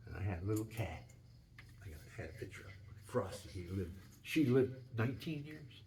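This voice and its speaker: A man's voice: on the low side, sing-song, brisk, darkish tone, a little hiss or hum. An older man telling casual, rambling stories about his home and pets, with lots of restarts and folksy asides. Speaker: home video maker. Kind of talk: casual storytelling.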